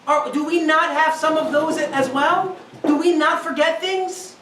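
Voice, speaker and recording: A high-voiced man in his thirties delivers a lively parenting lecture as a rabbi, often laughing and acting out voices. He sounds a little distant from the mic, and the room echoes around him. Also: unhurried. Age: 30s. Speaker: rabbi, guest speaker. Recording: roomy, from a distance, faint noise.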